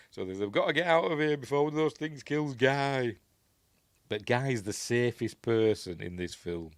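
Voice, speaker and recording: A man's voice: mid-range voice, animated, a little slow, no echo. A man with a Yorkshire accent hosting a casual film commentary, rambling and chuckling as he corrects himself. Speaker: host.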